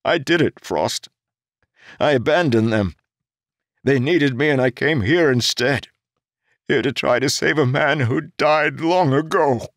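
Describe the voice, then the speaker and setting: A man's voice: expressive, unhurried, gravelly, a bit bright, no echo, clean studio sound, heavily acted. A man voicing a young male commander, grief-stricken and guilt-ridden, whose speech rises into anguished cries. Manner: anguished, rising to high cries.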